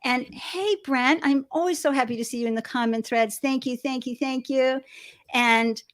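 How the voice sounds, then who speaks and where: An effusive woman hosts a live-streamed interview show, greeting her viewers by name with gushing enthusiasm. Her voice sits a little high for a woman. She talks into a webcam on a video call from a home studio. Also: normal speed. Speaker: show host. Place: home studio with balloons behind.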